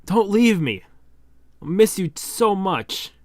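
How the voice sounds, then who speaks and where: A man's voice: medium pitch, normal speed, no echo, clean studio sound, lightly acted. A man voicing a scared young boy shogun who pleads tearfully with his friends not to leave. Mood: pleading tearful.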